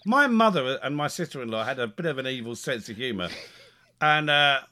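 A man telling a funny family story in a casual podcast chat, animated and chuckling, stumbling over his words as he gets excited. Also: medium pitch, fairly quick. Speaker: podcast co-host.

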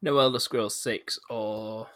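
A man's voice: lowish voice, fairly even intonation, slow pace, a bit bright. A man co-hosting a casual gaming podcast, joking and dismissive, swearing freely. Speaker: podcast co-host.

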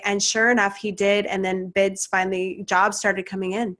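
A woman's voice: mid-range voice, fairly even intonation, normal speed, few pauses, a bit bright. A woman hosting a casual interview, encouraging, with frequent short acknowledgements. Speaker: host.

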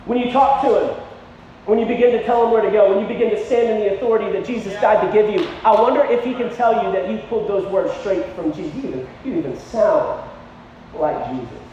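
Guy preaching a sermon, super high voice, lots of echo, bit muffled, keeps saying okay?. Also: fast, distant mic. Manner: casual, keeps asking "okay?", rises to loud emphatic peaks. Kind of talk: sermon with storytelling. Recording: echoey hall, dull lo-fi sound.

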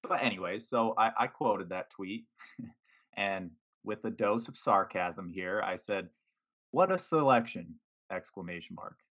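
A man's voice: deep voice, fairly even intonation, measured pace, fairly bright tone. A man co-hosting a podcast in casual sports chat, wry and laid-back with a sarcastic edge. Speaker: podcast co-host. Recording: dull lo-fi sound.

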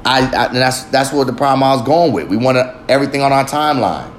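A man's voice: medium pitch, fast talker, slight background noise. A man hosting his own vlog, delivering a casual, heavily profane motivational monologue and talking emphatically to himself. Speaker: vlog host. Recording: echoey room with faint ambience.

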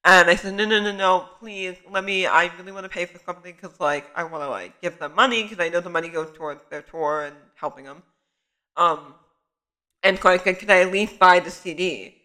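A man's voice: high voice, brisk, rough recording. A young man, a student photographer, casually telling a story to the camera in a chatty way full of "like" fillers. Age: young adult. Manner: chatty, many "like" fillers, animated retelling.

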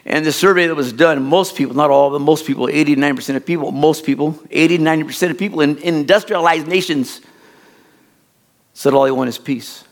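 During a sermon, a middle-aged pastor animatedly spins a folksy, rambling tale from his childhood. He talks fast, with a fairly high-pitched, gravelly voice.

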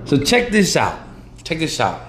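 Excitable man, bouncy lively pitch. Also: unhurried, a little hiss or hum. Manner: animated, excitable, repeats himself, calls his co-host "bro". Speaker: podcast co-host. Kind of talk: casual chat.

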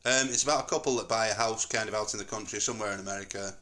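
A man's voice: lowish voice, fairly even intonation, rapid-fire, pushed and bright. A middle-aged man with a Northern English accent, hosting a casual family chat at home in a rambling, jokey, digressive way. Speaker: podcast host.

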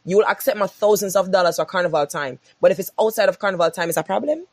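A woman's voice: medium pitch, animated, quick pace, darkish tone, no echo. A woman in casual podcast chat, pressing her points with rhetorical repeats.

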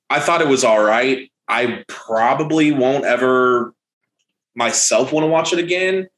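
A man in casual chat, co-hosting a film review, who talks haltingly with many fillers and restarts and some blunt swearing. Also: mid-range voice, fairly bright tone. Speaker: podcast co-host reviewing a horror movie. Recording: roomy echo.

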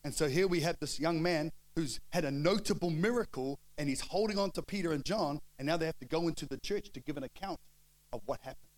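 A middle-aged man, preaching a storytelling sermon and acting out the dialogue with lively shifts of voice. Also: a little high, brisk, rough recording. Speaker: pastor.

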